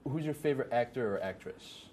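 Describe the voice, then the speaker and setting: Young man, talk show host, rambling, filler words, middling pitch, faint background noise. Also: brisk. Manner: rambling, lots of fillers and restarts, gets excited. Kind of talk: casual chat.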